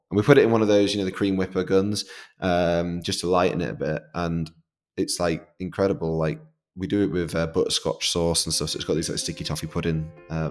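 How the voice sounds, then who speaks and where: Male chef-host with a deep voice who walks through recipes step by step in easygoing chat. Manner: easygoing, explains dishes step by step. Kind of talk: casual interview chat.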